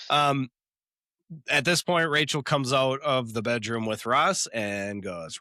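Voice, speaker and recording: Animated man retelling scenes on a podcast. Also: mid-range voice, slow, pauses often, dry recording, clean studio sound. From Upper Midwest of the US. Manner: animated retelling, jumping into character voices. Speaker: podcast co-host. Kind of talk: casual podcast chat.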